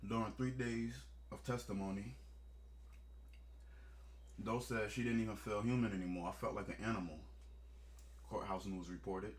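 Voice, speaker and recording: A man's voice: lowish voice, fairly even intonation, normal speed, pauses often. A man hosting a casual reaction commentary, joking and swearing in blunt asides. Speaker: commentary host.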